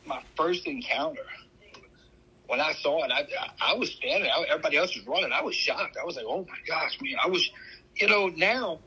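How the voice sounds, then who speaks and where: A middle-aged Louisiana man with a bright, sharp edge to his voice and a husky rasp underneath. He tells stories in a folksy, animated way, leaning hard on his words. He sounds like a casual podcast chat. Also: on the high side, rough recording. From Louisiana, USA. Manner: animated, folksy storyteller with drawn-out emphasis. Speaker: podcast co-host.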